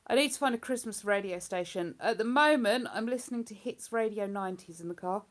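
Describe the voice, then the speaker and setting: A woman's voice: mid-range voice, brisk. A woman hosting a livestream in casual, rambling chat. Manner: rambling, chatty, breaks into hummed tunes. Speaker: livestream host.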